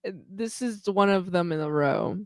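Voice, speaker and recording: A woman's voice: fairly low pitch, moderate pace, no room sound. A woman co-hosting a podcast in casual chat, rambling and hedging with lots of filler words. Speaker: podcast co-host.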